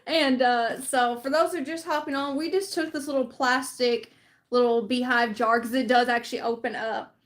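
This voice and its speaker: A woman's voice: sits high, steady tone, moderate pace. Easygoing Southern woman hosting a craft stream. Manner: easygoing, explains steps while working. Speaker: craft livestream host. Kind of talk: casual crafting livestream chat.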